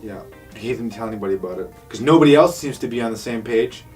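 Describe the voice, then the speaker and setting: A man's voice: mid-range voice, lively intonation, fast. A man co-hosts a laid-back episode review, chiming in with short, dry jokes. He is recorded from a distance, and faint music sits behind him. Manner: dry wisecracks and short interjections. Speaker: podcast co-host. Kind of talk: casual episode review chat.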